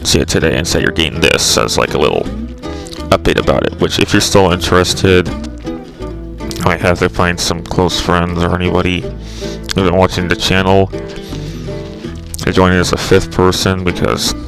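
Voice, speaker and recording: A man's voice: low voice, a little slow, creaky, pauses often, over music, rough recording. A man hosting his own channel, talking in a rambling, exasperated way with frequent swearing. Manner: rambling, profane, exasperated ranting. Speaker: channel host. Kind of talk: casual rambling video commentary.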